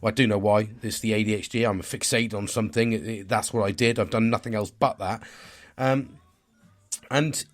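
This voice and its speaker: A man's voice: on the low side, fairly even intonation, moderate pace. A man, talking in a casual, rambling vlog monologue. He swears constantly, sounds stressed and tired, and is hard on himself. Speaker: vlogger.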